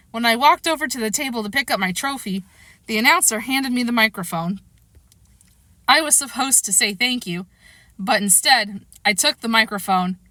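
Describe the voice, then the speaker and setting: A woman reads a children's novel aloud in a lively, expressive first-person voice. Her tone is bright and a little high, and the close recording is dry with no room around it. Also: no room sound. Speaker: storybook reader.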